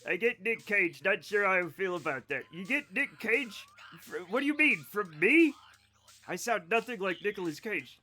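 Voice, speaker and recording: A man with a Rhode Island accent chatting casually while streaming a game, animated and self-mocking, swearing now and then. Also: high voice, moderate pace, soft background music. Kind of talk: casual gameplay stream chat.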